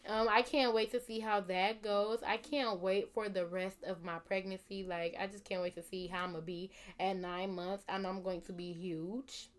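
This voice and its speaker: A woman's voice: medium pitch, little pitch movement, moderate pace, hardly any pauses. Young woman rambling chattily to camera. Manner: rambling, many "like" and "you know" fillers. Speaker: vlogger. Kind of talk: casual chat to camera.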